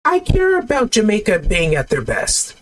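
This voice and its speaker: A man's voice: high voice, huge pitch swings, moderate pace, dry recording. A man delivering a heated sports rant to camera, exasperated and sarcastic, with blunt outbursts. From United States. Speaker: sports vlogger.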